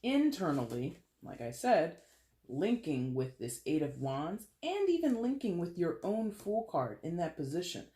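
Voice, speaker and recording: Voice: medium pitch, big pitch swings, a little slow, warm tone. A tarot card reader giving a casual monthly reading straight to the viewers, talking frankly with loose swearing and lots of pop-culture asides. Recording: roomy echo.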